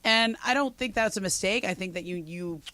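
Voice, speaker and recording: A man's voice: sits high, fairly quick, bright, forceful tone, no room sound. A man co-hosting a sports radio show, talking casually and easily. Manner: casual, easygoing.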